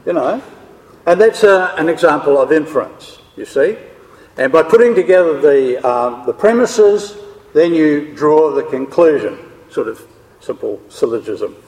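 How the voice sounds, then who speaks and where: Guy giving a bible lecture, kinda high voice, long echo off the hall. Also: expressive, a little slow, a little mellow. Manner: explains step by step, checks in with the listeners. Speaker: Bible teacher. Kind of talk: scripture lecture to a class.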